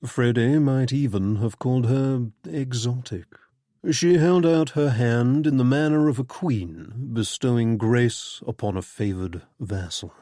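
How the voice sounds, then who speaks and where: A man reading a novel aloud as audiobook narrator, in a measured, even storytelling manner. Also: mid-range voice, no echo, clean studio sound. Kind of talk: scripted narration.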